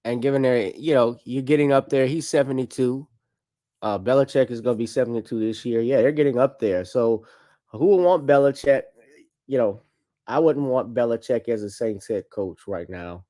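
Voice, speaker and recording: Speaking at normal speed in a mellow, medium-pitched voice, this man hosts a casual show. He riffs on football and basketball, cracking jokes and swearing freely, as a podcast host doing relaxed sports talk.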